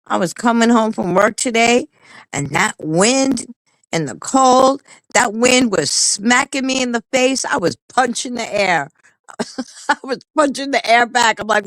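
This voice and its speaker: A woman's voice: mid-range voice, a little slow, no echo, rough recording. Woman, livestream co-host, blunt, heated, lots of swearing, dry close sound. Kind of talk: casual chat.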